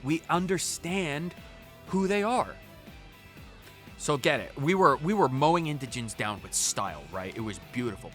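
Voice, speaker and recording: A male streamer talks over his gameplay in an animated, joking manner, often tripping over his words. His voice is bright and forward, with lively swings in pitch. Faint game music plays behind him. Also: measured pace, pauses often. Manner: animated, joking, stammering restarts. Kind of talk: casual gaming commentary.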